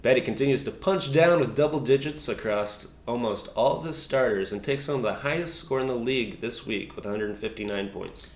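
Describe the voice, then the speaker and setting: A man's voice: medium pitch, fairly quick, hardly any pauses. A man co-hosting a mock news recap of a fantasy league, trading playful, teasing banter. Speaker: guest co-host. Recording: roomy echo.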